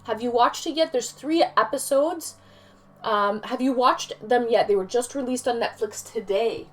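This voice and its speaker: A woman's voice: on the high side, normal speed. A woman livestreaming and casually answering her chat aloud, rambling and chatty with some swearing. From Canada.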